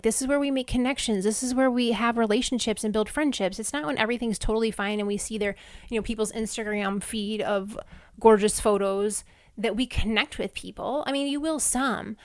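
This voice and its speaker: A woman's voice: on the high side, no room sound, studio quality. A woman in her thirties hosting a casual solo podcast, chatty and heartfelt, with lots of "like" fillers. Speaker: podcast host. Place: Houston, Texas.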